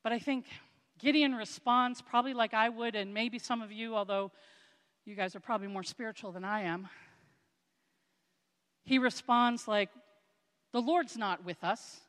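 A woman's voice: fairly even intonation, moderate pace, pauses often, a bit bright, clear, resonant tone. Woman preaching a chatty sermon in a hall. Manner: conversational and self-deprecating, with asides; acts out quoted speech with raised pitch.

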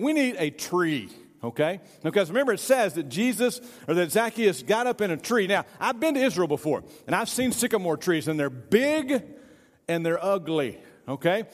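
A man, a pastor giving a sermon in a church, reading scripture and then playfully directing volunteers in a skit. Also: high-pitched. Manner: playful, jokey, hurries volunteers along. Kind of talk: sermon with a staged reenactment. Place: church sanctuary. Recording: reverberant church hall.

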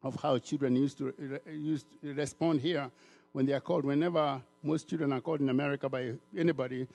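A man from Africa preaching a sermon in an animated way, repeating words and acting out the voices of people he quotes. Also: mid-range voice, fairly quick, vocal fry, soft background music.

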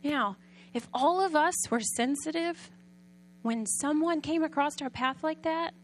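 A woman preaching a sermon in a conversational storytelling way, often asking the audience questions and sometimes dropping soft and quiet. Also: sits high, a little slow, a little hiss or hum.

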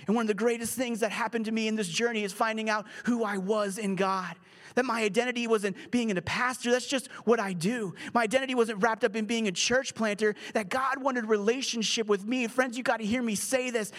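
A man preaching as the pastor of a church, earnest, dropping at times to a hushed whisper. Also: very high voice. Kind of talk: sermon.

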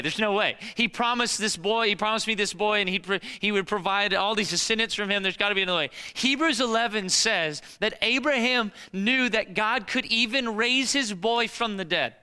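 A man preaching a sermon in a dramatic storytelling way, moving between hushed and emphatic delivery. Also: sits high, moderate pace, smooth. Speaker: pastor.

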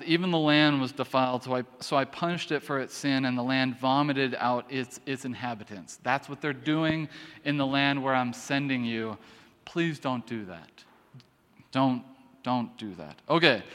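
A man preaching in a church, his fairly high voice smooth and resonant. He drifts between reading scripture and chatty asides, often restarting his sentences. The hall rings with long reverb. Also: fairly bright tone. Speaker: pastor. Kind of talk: sermon.

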